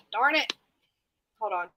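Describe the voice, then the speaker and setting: A woman's voice: fairly high pitch, lively intonation, slow, sharp tone, a little hiss or hum, low-quality recording. A woman hosting a casual late-night live stream from home, chatting with viewers, laughing and snorting often. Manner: giggly, chatty, reads and answers viewer comments.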